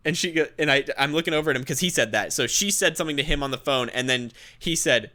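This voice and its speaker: A young man telling a story on a casual podcast, with a bright, forceful tone and a slightly high voice. He talks in animated bursts and breaks into laughter. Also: quick pace, few pauses. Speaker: podcast co-host. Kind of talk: casual chat.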